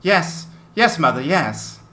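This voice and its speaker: A man voicing a scrawny, bewitched male exile who is manic and shrill. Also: sing-song, takes it slowly, sharp tone, full character voice. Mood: dazed.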